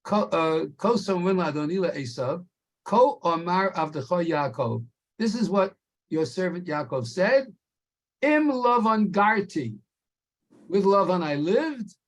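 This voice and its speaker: A man teaching a Torah class, explaining slowly and stretching key words for emphasis. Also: high voice, lively intonation.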